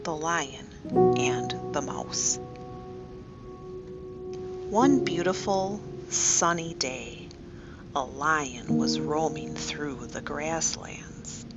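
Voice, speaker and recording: A woman leading a guided story meditation for children, slow and soothing, often asking the listener questions. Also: sits low, over loud music. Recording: dull lo-fi recording.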